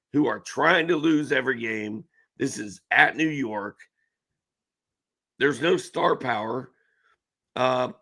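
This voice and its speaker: A man's voice: mid-range voice, gravelly, a bit bright. A man co-hosting a fantasy basketball betting show, laid-back and confident in casual chat. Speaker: co-host.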